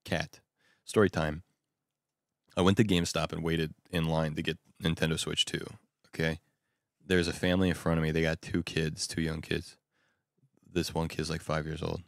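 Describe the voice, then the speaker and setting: A young man rambling excitably in casual chat at home at night. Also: extremely low pitch, normal speed, vocal fry, pauses often, dry recording, clean studio sound. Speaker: vlogger.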